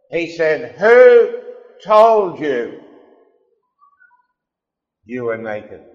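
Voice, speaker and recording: Man preaching, emphatic, fairly high voice, echoing hall, muffled lo-fi sound. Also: fairly bright tone. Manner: impassioned, emphatic, rising and falling. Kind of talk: sermon. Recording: echoey hall, dull lo-fi sound.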